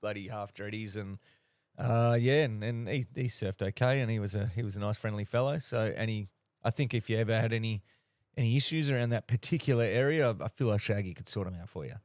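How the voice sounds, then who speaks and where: A man's voice: on the low side, fast, darkish tone, no echo, clean studio sound. A man with an Australian accent, a podcast co-host telling a story in a rambling, slangy way. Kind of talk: casual chat.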